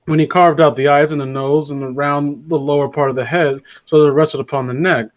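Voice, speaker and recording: Man, slightly higher voice, informal home reading of a storybook with frequent self-corrections. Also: steady tone, a little fast. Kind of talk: casual read-aloud of a classic story.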